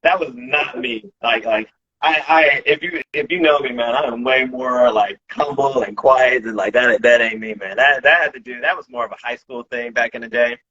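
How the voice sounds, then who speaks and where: A man's voice: mid-range voice, normal speed, pushed and bright, slightly rough, muffled recording. A man, a breakdancer, chatting casually in an interview, rambling with lots of restarts and slang. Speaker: breakdancer guest.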